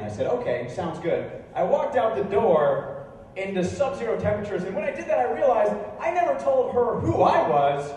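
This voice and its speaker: A young man performing stand-up comedy, telling stories in a deadpan way that jumps into incredulous high outbursts. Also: moderate pace, a little hiss or hum. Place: bar venue with a live audience. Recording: echoey room recorded from far off.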